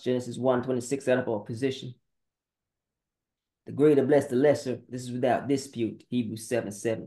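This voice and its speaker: Mellow-voiced man rattling off scripture. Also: medium pitch, steady tone. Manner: terse, rapid-fire verse citations, confrontational. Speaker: podcast preacher. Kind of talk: scripture-citing sermon monologue.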